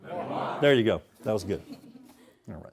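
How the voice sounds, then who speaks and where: A man's voice: mid-range voice, expressive, a little fast, a little mellow. A man in his fifties, an author at a university event, chatting casually with self-deprecating asides before reading his prose aloud.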